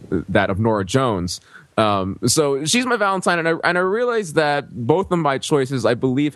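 A man on a podcast panel, talking in a chatty, playful and self-deprecating way. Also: lowish voice. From Korean heritage. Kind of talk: casual podcast chat.

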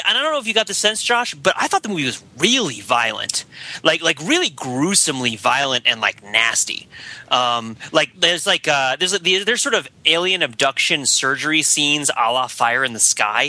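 A man co-hosting a casual podcast, chatty and quick to laugh as he reviews a film. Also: on the high side, sharp tone, rough recording. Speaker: podcast co-host.

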